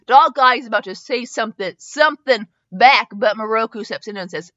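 A woman's voice: fairly high pitch, expressive, normal speed, fairly bright tone, no echo. A woman podcast host doing a mock-dramatic comic reading of fan fiction, spelling some words out letter by letter. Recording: dull dry lo-fi recording.

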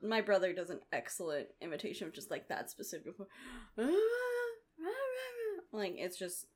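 A woman co-hosting a movie review show in casual chat. Her pitch moves lively as she talks, full of fillers and quick laughter. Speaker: movie review podcast co-host.

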